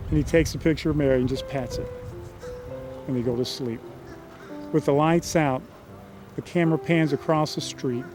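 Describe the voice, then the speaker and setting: Man, slightly high voice, folksy earnest storyteller, clear music bed underneath. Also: rough recording. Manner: folksy, earnest storyteller quoting characters plainly. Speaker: screenwriter telling his story. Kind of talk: storytelling synopsis.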